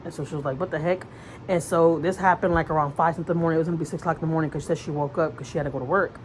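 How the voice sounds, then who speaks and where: Low-voiced woman vlogger, rambling and earnest. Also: fairly even intonation, very fast, a little hiss or hum, poor audio. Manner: rambling, full of fillers and restarts; earnest, conversational retelling. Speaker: mother vlogger. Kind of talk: casual storytelling chat.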